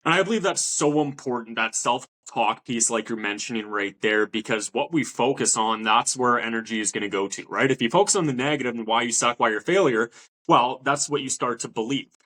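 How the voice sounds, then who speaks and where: A man's voice: mid-range voice, fairly quick, a bit bright. A man hosting a podcast, a mental performance coach who talks in a motivational, coaching way. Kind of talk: interview talk.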